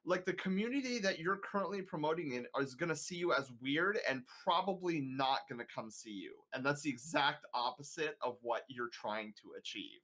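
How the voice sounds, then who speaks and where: A man's voice: fairly high pitch, expressive, moderate pace, few pauses, a bit bright. A man streamer chatting casually on a podcast, giving earnest, emphatic advice with lots of filler words, over a remote voice call.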